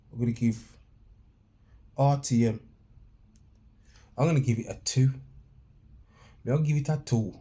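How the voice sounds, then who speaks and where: A man delivers a blunt, ranting podcast review in a warm, mellow voice. He keeps slipping patois phrases and street slang into his talk, sounding unfiltered. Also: medium pitch.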